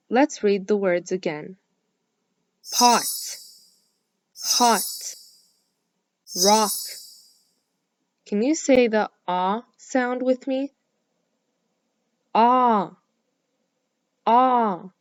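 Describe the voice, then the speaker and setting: A woman teaching phonics to young children, speaking slowly and clearly, with lots of encouraging praise and drawn-out vowel sounds. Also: mid-range voice, a little mellow, no echo. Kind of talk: slow, clearly enunciated lesson for young children.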